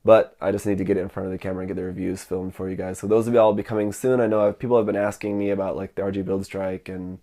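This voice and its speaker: A man's voice: low-pitched, little pitch movement, rapid-fire, few pauses, mellow. A man hosting his model kit video channel, talking casually with many fillers and a nasal voice from a cold.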